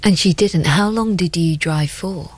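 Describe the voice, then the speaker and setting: Lady interviewer, lowish soft voice, gentle questions, dry close sound. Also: a little slow, breathy edge, no room sound.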